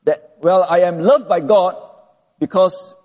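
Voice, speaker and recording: A man preaching an expository sermon, earnest and measured, slowing down when he reads scripture. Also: sits high, warm tone, long reverb tail, dull audio.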